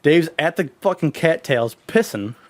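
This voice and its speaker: A man's voice: on the high side, animated, moderate pace. A man co-hosting a casual podcast, telling rambling, profane stories and laughing through them. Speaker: podcast co-host. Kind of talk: casual storytelling chat.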